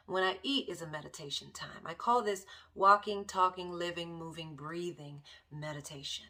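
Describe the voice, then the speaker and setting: Bright-voiced woman, soft meditative talk. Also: on the low side. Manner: slow, repeats phrases softly, drops to near whispers. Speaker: meditation and self-care coach. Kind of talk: reflective motivational monologue.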